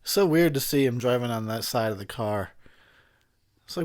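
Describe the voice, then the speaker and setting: A man's voice: mid-range voice, expressive, normal speed, long pauses. Drunk, rambling man. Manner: rambling, profane, laughing often. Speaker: commentary host. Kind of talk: drunken film commentary.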